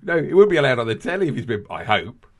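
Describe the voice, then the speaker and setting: A man's voice: medium pitch, very animated, quick pace, slightly rough. A man hosting a podcast, rambling and jokey in casual banter, laughing often. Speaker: podcast host.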